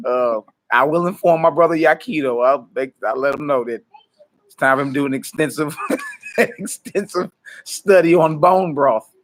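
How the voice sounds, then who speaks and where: A man hosts a relaxed ministry livestream, calling out viewers by name and hyping them up. He laughs easily and talks loosely in a mid-pitched voice. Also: normal speed. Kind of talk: casual livestream chat before prayer.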